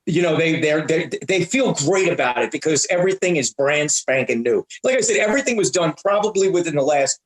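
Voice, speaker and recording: A man's voice: a little high, animated. A man in his fifties, a comedian guest in a casual interview, talking bluntly with lots of restarts and the odd curse. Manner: halting, many restarts, blunt and profane. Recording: roomy echo.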